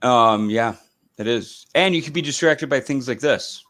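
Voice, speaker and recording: A man's voice: mid-range voice, normal speed, fairly bright tone, low-quality recording. Rambling male live-stream host. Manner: rambling, full of fillers and restarts. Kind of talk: casual live-stream chat.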